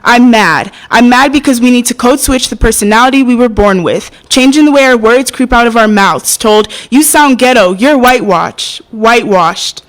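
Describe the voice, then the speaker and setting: A young woman performing spoken word poetry at an open mic, hesitant and soft-spoken between poems, passionate when she recites. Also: fairly high pitch, normal speed, few pauses, rough recording. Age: young adult.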